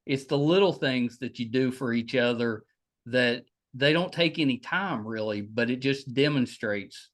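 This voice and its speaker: Halting West Virginian man hosting. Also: mid-range voice. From West Virginia, United States. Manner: halting, many restarts and fillers. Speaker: podcast host. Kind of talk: casual interview chat.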